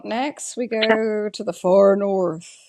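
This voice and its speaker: A woman's voice: medium pitch, fairly even intonation, takes it slowly, a little mellow, no room sound. A woman with a Southern US accent co-hosting a podcast, agreeable and dry in casual episode talk. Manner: agreeable, short affirmations, dry remarks. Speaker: podcast co-host. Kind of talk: casual chat recapping a TV episode.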